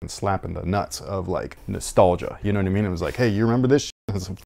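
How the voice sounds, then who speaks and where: Low-voiced man telling a story, rambling. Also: quick pace, gravelly. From Sacramento, California. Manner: animated, profane, self-mocking, rambles with restarts. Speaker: podcast co-host. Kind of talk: casual chat, storytelling.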